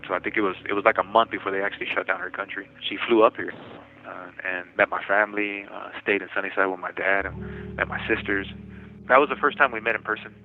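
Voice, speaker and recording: A man's voice: fairly low pitch, steady tone, a little hiss or hum. Man on a tinny phone line. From United States. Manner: talks in quick bursts with many restarts, laughs telling stories. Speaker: incarcerated interviewee. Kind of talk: phone interview, personal storytelling. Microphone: telephone.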